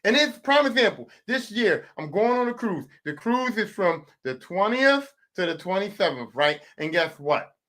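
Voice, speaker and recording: A man in his forties hosting a podcast, telling a profane, animated comic rant that swings from loud bursts to low mutters. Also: moderate pace. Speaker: podcast host. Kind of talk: casual comedic rant.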